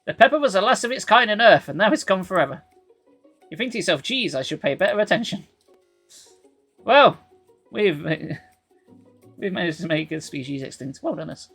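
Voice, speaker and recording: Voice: medium pitch, lively intonation, moderate pace, gravelly, pauses often, fairly bright tone, slightly rough. Streamer; wry live reader of a game, sarcastic asides, faint music under. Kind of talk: live reading of a dating game.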